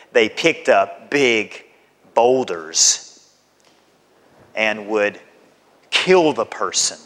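Slow, emphatic preacher in a reverberant hall. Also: male voice, fairly bright tone. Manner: emphatic, slow deliberate preaching with dramatic pitch swings. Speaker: pastor. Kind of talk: sermon.

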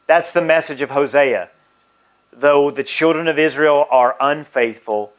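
Slow, emphatic male preacher. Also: a little high. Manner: reads scripture aloud with emphatic, drawn-out phrases. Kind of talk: sermon.

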